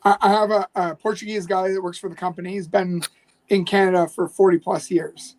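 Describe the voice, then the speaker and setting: A man co-hosting a podcast in casual chat, who speaks haltingly with frequent restarts. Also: high-pitched, little pitch movement, darkish tone, a little hiss or hum. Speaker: podcast co-host.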